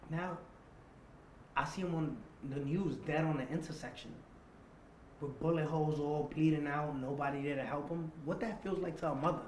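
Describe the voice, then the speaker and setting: A fairly high-voiced man, animated, acting out the voices in his story as he tells it. He swears freely and talks in a street-casual way. The room sounds echoey, with a faint hum of ambience behind him. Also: moderate pace. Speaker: interview guest. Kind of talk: storytelling in a sit-down interview.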